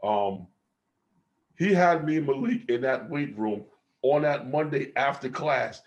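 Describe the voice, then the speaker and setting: Laughing ex-player telling stories. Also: male voice, medium pitch, animated, measured pace, muffled recording. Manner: laughs often, acts out coaches' voices with energy. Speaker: podcast guest, former college basketball player. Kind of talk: casual storytelling on a video call. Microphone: video call.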